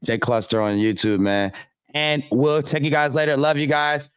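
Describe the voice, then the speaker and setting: A man hosting a podcast in casual chat, excitable and slangy, laughing often. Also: on the high side, moderate pace, smooth, no echo, studio quality. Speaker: podcast host.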